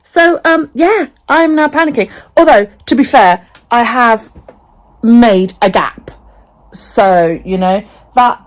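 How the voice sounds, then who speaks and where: A woman's voice: on the high side, slow. A woman chatting casually in a home vlog, swearing freely and talking to her dog. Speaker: vlogger.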